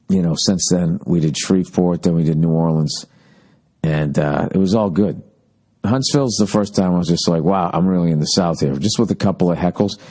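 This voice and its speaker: A man's voice: low voice, warm tone. Profane rambling man telling road stories. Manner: profane, rambling storytelling with mocking impressions. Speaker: podcast host. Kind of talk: casual monologue.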